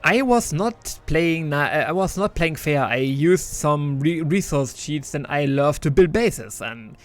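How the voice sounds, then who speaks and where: A man's voice: on the high side, expressive, unhurried, faint music behind. Chatty man reviewing a game. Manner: chatty and enthusiastic, with many restarts and some laughs. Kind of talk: casual spoken game review.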